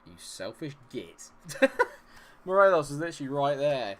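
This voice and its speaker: A man's voice: a little high, sing-song, moderate pace, slight background noise. A man streaming his own game, commentating live, exasperated, swearing and talking at the players on screen.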